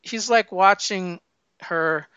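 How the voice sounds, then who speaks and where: A man chatting casually about a film, telling the story in an animated way and acting out the lines. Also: high voice, slow, clear, resonant tone, no echo. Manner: animated storyteller, acts out quotes. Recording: dull lo-fi sound.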